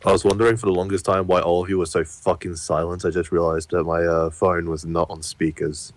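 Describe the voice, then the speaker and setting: A man's voice: low voice, level tone, a little fast. A man chatting casually with friends, crude and profane, joking around.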